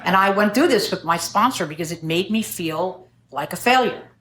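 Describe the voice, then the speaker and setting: Wry low-voiced woman in echoey room. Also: lively intonation, normal speed, fairly bright tone. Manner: wry, self-mocking storytelling with jokes. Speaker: AA speaker. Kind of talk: personal recovery talk at a meeting. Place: meeting room.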